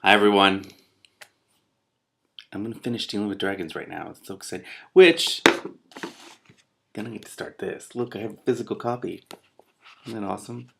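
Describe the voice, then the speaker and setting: A man reading a novel aloud and breaking off for excitable, self-mocking asides. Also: on the low side, moderate pace, creaky, long pauses, background noise. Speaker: book reader and commentator.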